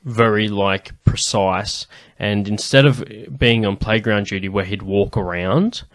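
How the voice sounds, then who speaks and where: Chill young dude hosting a podcast, lowish voice, dead dry mic, rambly stories with lots of cursing. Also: male voice, steady tone, unhurried, a bit bright, dry recording. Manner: swearing, loose, laid-back storytelling. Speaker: podcast host. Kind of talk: casual chat.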